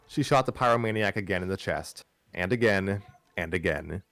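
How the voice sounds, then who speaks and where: A man with a very low voice reads a fan story aloud on a live stream. He trips over words, restarts lines and drops wry asides. The sound is dry, with no room around it. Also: animated, moderate pace, fairly bright tone, dry recording. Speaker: host reading a fan story.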